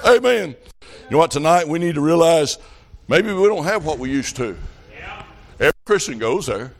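A man's voice: fairly high pitch, animated, moderate pace, a crowd in the background. A middle-aged man preaching a revival sermon, telling folksy stories that rise to fervent calls.

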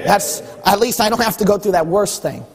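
A male pastor preaching a sermon, emphatic, full of rhetorical questions and building to shouts. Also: high voice, fairly quick, slightly rough, long reverb tail.

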